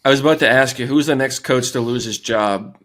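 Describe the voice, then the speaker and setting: Quick-talking male podcast co-host. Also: mid-range voice, a bit bright. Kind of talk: casual sports chat.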